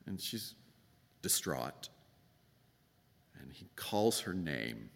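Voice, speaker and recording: A man's voice: sing-song, slow pace. A man preaching a conversational sermon, telling the story in his own words and acting out the people in it with big swings of voice. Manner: conversational, acts out quoted voices, emphatic swings in pitch. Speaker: pastor. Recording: long reverb of a church hall.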